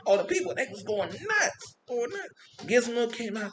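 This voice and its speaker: Excited high-voiced man telling street-show stories. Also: moderate pace, a crowd in the background. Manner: animated, excited storytelling with vocal sound effects. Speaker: street performer. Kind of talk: casual storytelling monologue. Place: Compton.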